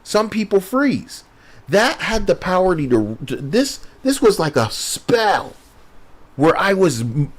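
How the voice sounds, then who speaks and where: A man's voice: fairly high pitch, big pitch swings, takes it slowly. A man streaming, chatting casually in a joking, rambling, sarcastic way.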